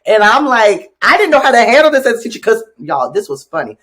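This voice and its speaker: A man who works as a teacher, co-hosting a podcast and telling stories from class in casual chat, animated and often trailing off quietly. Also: extremely high pitch, fast.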